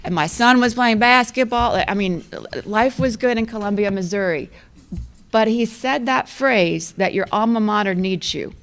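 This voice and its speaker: A woman's voice: a little high, normal speed, clean tone. A woman in her fifties giving a conversational, self-deprecating storytelling speech as an athletic director, often laughing at herself. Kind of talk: storytelling club luncheon speech.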